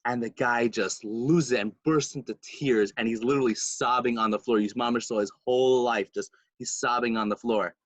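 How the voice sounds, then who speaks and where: A man co-hosting a podcast, telling a story in a casual, animated way and acting out the quotes. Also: brisk, few pauses, no echo. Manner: animated storyteller, acts out quotes with big pitch jumps. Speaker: podcast co-host.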